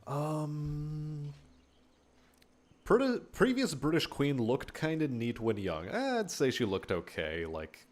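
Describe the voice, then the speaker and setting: A man's voice: on the high side, very animated, slow. A man casually commenting while he plays a strategy game on stream, laid-back and swearing now and then.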